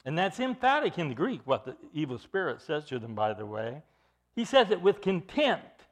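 A man's voice: a little high, very animated, normal speed. A man preaching an expository sermon as pastor, earnest and emphatic, often repeating and restarting his phrases.

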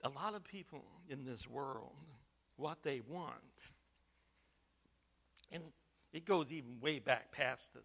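A man preaching a sermon as pastor, stressing key words slowly and swinging from quiet to loud. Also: medium pitch, expressive, vocal fry. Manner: preaching with emphatic slow stresses and big swings in loudness.

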